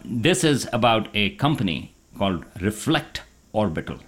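A man's voice: fairly low pitch, very animated, moderate pace. A man from Pakistan, an astronomer guest, talking casually in a radio interview with many fillers and restarts. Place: home kitchen table.

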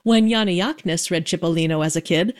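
A woman's voice: fairly low pitch, a little fast. A woman reporting a radio news feature with a storytelling delivery.

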